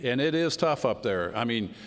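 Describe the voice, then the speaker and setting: A man's voice: mid-range voice, expressive, normal speed, fairly bright tone. A man with a drawl gives a political speech at a tribute event. He talks in a folksy, storytelling way and acts out the exchanges he is describing. His voice carries a long reverb from a large hall. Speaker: congressman giving a speech.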